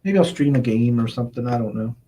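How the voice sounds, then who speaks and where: A man's voice: medium pitch, fast talker, warm tone, a little hiss or hum. Man, livestream host, casual chat, reads viewer comments, rambling, chuckles often.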